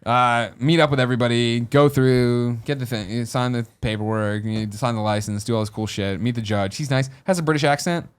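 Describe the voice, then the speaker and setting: A man in his thirties tells a story on a podcast, talking very fast at an ordinary middle pitch. He acts out the voices of the people in his story with lively, animated delivery. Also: smooth. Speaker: podcast host. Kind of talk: casual storytelling.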